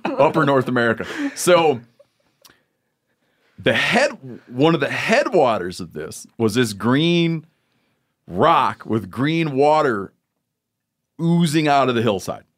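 A man's voice: medium pitch, sing-song. A man hosting a podcast, telling a rambling story in casual, joking chat. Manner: storytelling, joking, drawn-out asides. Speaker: podcast host.

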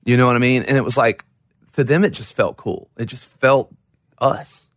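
A man's voice: mid-range voice, fairly even intonation, moderate pace, no echo. Male musician guest, rambling and self-deprecating, dry close sound. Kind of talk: casual interview storytelling.

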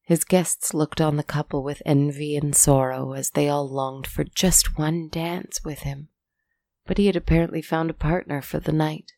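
A woman narrating a fairy tale aloud in a measured, soft-spoken way. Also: deep voice, steady tone, creaky, no room sound. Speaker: storyteller.

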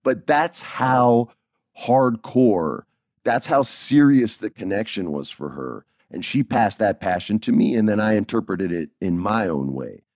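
Lower-voiced man telling a story. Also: unhurried, dry recording, studio quality. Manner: animated, laughing often. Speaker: podcast host. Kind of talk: casual storytelling.

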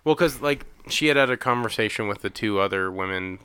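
A man co-hosting a casual movie-recap podcast, incredulous and animated, swearing and acting out characters' lines. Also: on the low side, brisk, smooth, dry recording. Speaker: podcast co-host.

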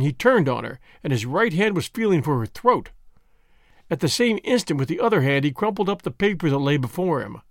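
Male audiobook narrator, slightly high, animated delivery. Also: no echo, studio quality. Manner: expressive storytelling. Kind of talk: scripted narration.

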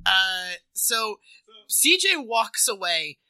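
Podcast co-host, playful recap delivery, bright, dry-sounding voice. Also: medium pitch, big pitch swings, very slow, no echo. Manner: playful, recapping with bits and laughs. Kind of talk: casual comedic chat.

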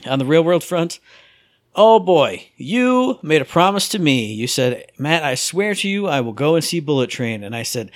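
Animated man telling stories. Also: on the high side, normal speed, hardly any pauses, dry recording, clean studio sound. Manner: animated storyteller, acts out his own inner voice. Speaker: podcast co-host. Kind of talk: casual chat.

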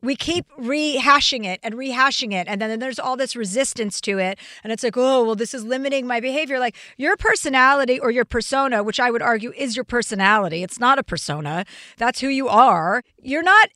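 A woman's voice: fairly high pitch, lively intonation, bright, forceful tone, no echo, clean studio sound. A woman hosting a podcast in casual chat, a stand-up comic who talks bluntly and swears freely. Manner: blunt, profane, fast-talking.

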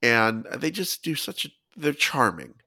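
A man's voice: mid-range voice, very animated, measured pace, pushed and bright. A man co-hosting a podcast, chatting casually and enthusiastically with a playful edge. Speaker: podcast co-host. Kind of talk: casual chat.

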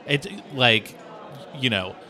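A man performing improvised comedy in a dry, teasing, deadpan way. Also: mid-range voice, slow, a faint crowd.

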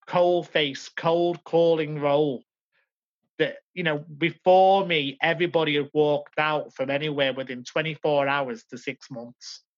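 A man in his forties recounts his past to a podcast host, earnest and reflective, often stopping to restart a thought. His voice sits a little high. The sound is dull and lo-fi. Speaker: podcast guest. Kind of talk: reflective personal storytelling.

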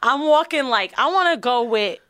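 A young woman casually telling a long, animated, profanity-filled story as a podcast co-host. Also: fairly high pitch, moderate pace, no echo, studio quality.

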